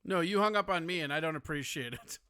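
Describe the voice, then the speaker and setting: A man's voice: a little high, animated, fast, pushed and bright, smooth, no room sound, studio quality. A man hosting a casual call-in show, teasing and joking with his guest. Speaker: host.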